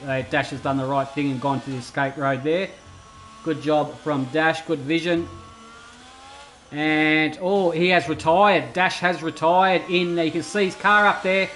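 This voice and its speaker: High-voiced race commentator. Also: male voice, moderate pace, a little hiss or hum, rough recording. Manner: chatty, excitable bursts over steady play-by-play. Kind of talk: esports sim racing commentary.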